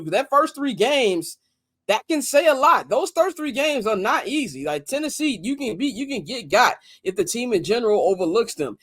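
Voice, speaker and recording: A man hosting a casual sports talk podcast, animated, swinging between loud and soft, swearing casually. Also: high-pitched, no room sound. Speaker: podcast host.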